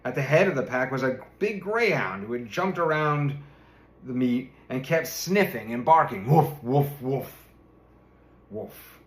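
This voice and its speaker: A man's voice: medium pitch, expressive, normal speed, fairly bright tone. A man reading a fairy tale aloud, chuckling now and then as he narrates. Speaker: storyteller. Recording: roomy echo.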